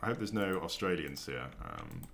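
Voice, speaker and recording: A man's voice: a bass voice, huge pitch swings, normal speed, creaky, fairly bright tone, slight background noise. A young man chatting casually as a game streamer, rambling and thinking aloud with lots of ums. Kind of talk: casual chat while building in a video game. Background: faint keyboard clicks and typing.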